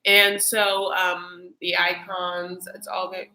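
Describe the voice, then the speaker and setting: A woman's voice: fairly low pitch, level tone, takes it slowly, bright, forceful tone, rough recording. A woman hosting a casual reality-TV recap chat, chatty and campy, slipping into exaggerated voices to mimic people. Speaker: host.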